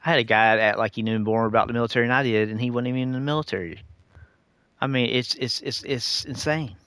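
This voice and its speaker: A man's voice: medium pitch, steady tone, fast talker, fairly bright tone, dry recording. A middle-aged man ranting casually to his viewers while gaming, preachy and lecturing, calling them dude and y'all. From United States. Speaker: gaming streamer.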